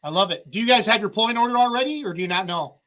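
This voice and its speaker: A man hosting a livestream show in casual chat, excitable and chatty, laughing often. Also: high-pitched, very fast.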